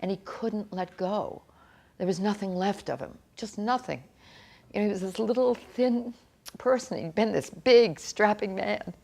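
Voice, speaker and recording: A middle-aged woman giving an earnest, halting personal account in an interview, often restarting her sentences. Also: mid-range voice, creaky, a little mellow. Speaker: author interviewee.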